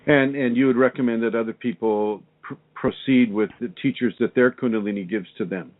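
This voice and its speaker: A man's voice: medium pitch, fairly quick. A man hosting a conversational interview over a video call, asking probing questions with frequent restarts. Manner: probing, with restarts and repeated words. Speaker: interview host and spiritual teacher. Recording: tinny phone-like line.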